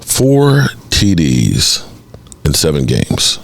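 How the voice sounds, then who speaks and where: A man's voice: a bass voice, very slow, creaky, no echo. A man hosting a sports podcast, giving opinionated, exasperated commentary and pushing back at critics. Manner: animated, exasperated, mocks critics in exaggerated voices.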